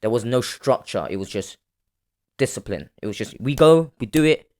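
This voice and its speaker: A young man with a London accent, a podcast guest telling his story in a lively, slangy way and acting out what people said. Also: mid-range voice, normal speed. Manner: animated, street slang, acts out quoted dialogue. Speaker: podcast guest, calisthenics champion. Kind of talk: casual storytelling chat.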